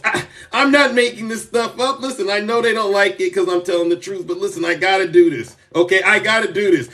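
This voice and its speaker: A man with a high voice gives a sarcastic, emphatic live-stream rant, repeating his points for effect. He sounds a bit distant from the microphone. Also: fairly bright tone. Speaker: TikTok political commentator.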